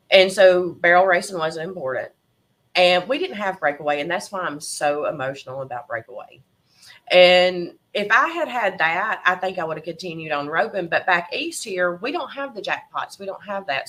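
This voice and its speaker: A middle-aged Southern woman talks in a bright, ringing voice, telling warm, emotional stories as a podcast guest. Her delivery is lively and heartfelt, often breaking into laughter. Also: fairly low pitch. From Tennessee. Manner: emotional, animated storyteller who laughs often. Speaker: podcast guest, horse breeder. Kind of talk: casual interview chat.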